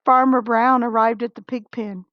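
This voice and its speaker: A woman reading a picture book aloud to young listeners, expressive and stopping to talk with them about the pages. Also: on the high side, moderate pace, no room sound. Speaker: storybook reader. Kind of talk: children's read-aloud. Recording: dull lo-fi recording.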